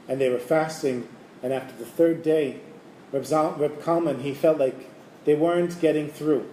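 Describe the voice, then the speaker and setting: Mellow-voiced male storyteller. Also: fairly high pitch, normal speed. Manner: animated, acts out voices. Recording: echoey room, faint hiss.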